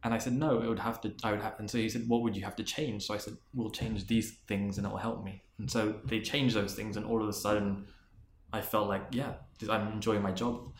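A man's voice: lowish voice, little pitch movement, fairly quick, reverberant, slight background noise. A man, a marketing executive and interview guest, sharing a career story in an earnest, reflective way, often restarting and repeating words.

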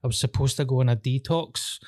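A Glaswegian man hosting a podcast, swearing freely and telling stories in a lively, animated way. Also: medium pitch, brisk, no room sound, studio quality. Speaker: podcast host. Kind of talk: casual chat.

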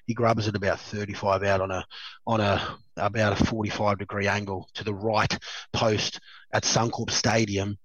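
A man's voice: lowish voice, little pitch movement, moderate pace, a bit bright, dry recording, dull audio. An Australian man in his thirties, a former rugby league player telling rambling stories in an interview, chatty and laughing often. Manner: rambling, chatty storyteller who laughs often, lots of "you know" and "um". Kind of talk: relaxed anecdotal interview.

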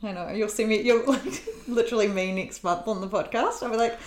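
A woman with a New Zealand accent co-hosting a podcast, talking in a relaxed way and laughing easily. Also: mid-range voice, brisk. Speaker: podcast co-host, magazine editor. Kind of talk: casual chat. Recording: roomy echo.

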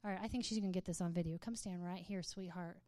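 A woman's voice: fairly low pitch, steady tone, fast talker, a little mellow, dry recording. A woman speaking to a live audience in a playful, humorous way, often laughing and reading aloud with mock drama.

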